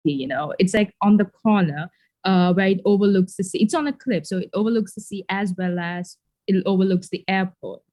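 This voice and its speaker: A young woman from Sri Lanka talks easily as a podcast guest. Her chat is relaxed and unhurried, and she drops in small laughs now and then. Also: medium pitch.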